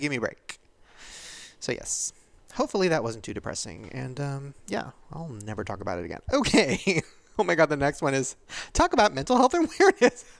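A man's voice: on the high side, creaky, no room sound. Tearful, candid man in his thirties. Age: 30s. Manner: candid and vulnerable, laughing through tears. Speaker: podcast host. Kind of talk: confessional podcast monologue.

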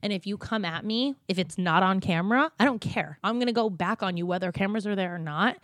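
A woman's voice: medium pitch, quick pace, a bit bright, no room sound, studio quality. A woman, co-hosting a podcast in casual chat, blunt and swearing freely. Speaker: podcast co-host.

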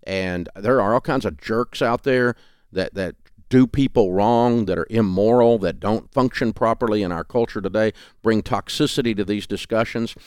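Deep Southern drawl, smooth and folksy. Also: male voice, moderate pace, darkish tone, dry recording, studio quality. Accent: Southern US, Tennessee. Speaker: guest, radio talk host. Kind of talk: remote interview conversation. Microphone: remote call setup.

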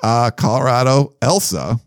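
A man's voice: medium pitch, measured pace, dry recording, clean studio sound. A man co-hosting a casual sports podcast, reading out jokey comparisons with fillers along the way. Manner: reads jokey comparisons aloud with fillers and laughs. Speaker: podcast co-host.

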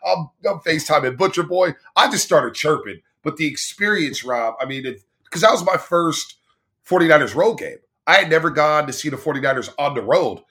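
A man who hosts sports radio, telling a story as a podcast guest in an animated, excited way. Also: on the high side, a little fast. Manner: animated, hyped, chants and yells in quotes.

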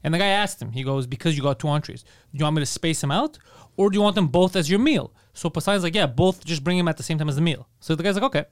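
A man talks quickly in a dry, close sound, his voice sitting a bit high. He tells stories in casual chat, animated and profane, and acts out what others said. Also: no echo.

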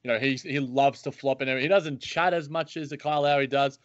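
A man hosting a sports podcast, chatting in an animated, joking way with playful asides. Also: medium pitch, quick pace, no room sound. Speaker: podcast host. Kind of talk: casual sports podcast chat. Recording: dry, dull lo-fi audio.

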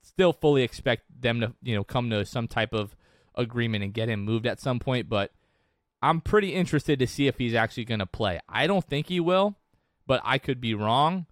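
On a sports podcast, a male co-host rambles through chatty, casual talk, restarting again and again. He speaks at normal speed in an animated, medium-pitched voice, captured dry and close-miked with no room sound.

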